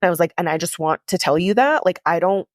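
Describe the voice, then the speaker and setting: A woman's voice: lowish voice, lively intonation, quick pace, no room sound, studio quality. A woman podcast host telling a personal story in a candid, confessional way, with lots of "like" in her speech. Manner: candid, confessional, heavy use of "like".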